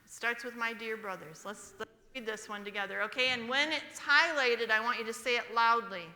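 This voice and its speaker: A bright, clear-toned woman delivers a sermon and slows down to read verses aloud. The livestream picks her up in a church hall with a long, roomy echo. She keeps checking that the congregation follows along. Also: fairly high pitch. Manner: storytelling, calls for congregation response, reads verses aloud slowly. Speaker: speaker at a church service. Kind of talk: sermon with a personal story. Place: church sanctuary.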